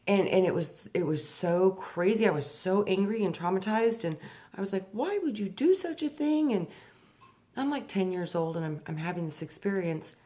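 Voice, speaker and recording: A woman in personal spiritual storytelling, slow and hushed on deep points, animated when reliving a memory. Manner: animated, rises sharply when acting out her younger self. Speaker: spiritual speaker.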